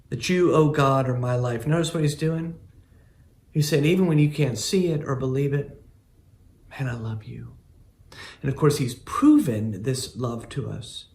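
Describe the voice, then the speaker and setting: A male pastor giving a sermon, earnest and emphatic, with pauses between phrases. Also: mid-range voice, gravelly, roomy sound.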